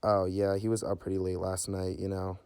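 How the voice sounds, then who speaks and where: A man's voice: low voice, little pitch movement, a little fast, a little mellow, clear, resonant tone, no room sound, studio quality. A young man quoting a friendly young mom. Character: friendly young-looking mother, soft-spoken.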